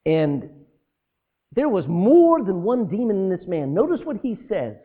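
A man preaches a sermon with a high voice that swings up and down widely. He throws rhetorical questions to the congregation and breaks into asides. The sound is tinny and narrow, as if heard over a phone line. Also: very animated, a little slow. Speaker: pastor.

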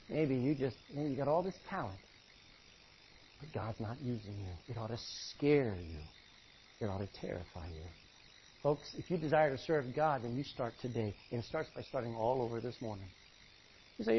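A man preaching a sermon, acting out Bible characters and swinging between hushed and loud delivery. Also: on the high side, animated, moderate pace, slightly rough, lo-fi sound. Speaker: pastor.

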